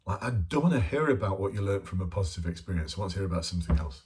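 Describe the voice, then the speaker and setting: A man's voice: low-pitched, lively intonation, very fast, hardly any pauses, a little mellow. A man talking casually and bluntly as a police interview coach, informal and chatty, with mild swearing. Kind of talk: casual spoken lesson to camera.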